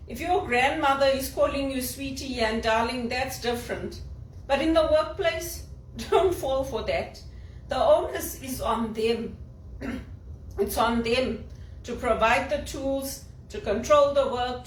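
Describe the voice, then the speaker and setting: A woman's voice: fairly high pitch, reverberant, recorded from a distance, a little hiss or hum, low-quality recording. A woman from Zimbabwe with a polished, elocution-trained Zimbabwean English accent, speaking in an impassioned, indignant monologue full of rhetorical questions. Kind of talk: personal monologue vlog.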